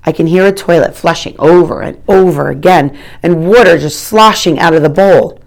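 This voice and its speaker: A woman reading a first-person audiobook in a wry, expressive manner. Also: on the low side, moderate pace, creaky. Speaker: audiobook narrator.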